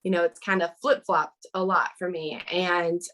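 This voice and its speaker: A woman's voice: lowish voice, flat delivery, normal speed, a bit bright, low-quality recording. A woman speaking as a guest in a casual interview over a video call, earnest and chatty with lots of fillers.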